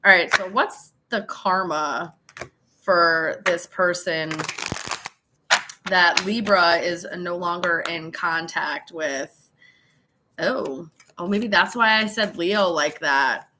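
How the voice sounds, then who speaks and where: Bright-voiced tipsy woman reading tarot. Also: fairly low pitch, slow, a little hiss or hum. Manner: chatty, swearing, laughing, dramatic asides. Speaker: tarot reader. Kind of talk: casual live tarot reading.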